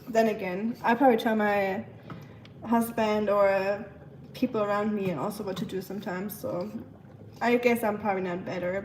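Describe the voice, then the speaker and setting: German lady chatting on her livestream, kinda high voice, lots of um's. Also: slight background noise, poor audio. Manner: chatty and rambling, with frequent "um" pauses and light laughs; switches between English and German. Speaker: livestream host. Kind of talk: casual livestream chat, reading chat comments.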